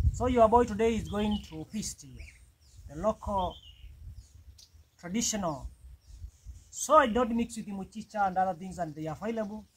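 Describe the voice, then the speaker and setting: A man's voice: sits high, fairly bright tone, a little hiss or hum, rough recording. A Kenyan man talking casually as he cooks on a wood fire outdoors in a village, often calling his viewers "man". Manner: chatty, repeats "man" often. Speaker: vlogger. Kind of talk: casual cooking vlog.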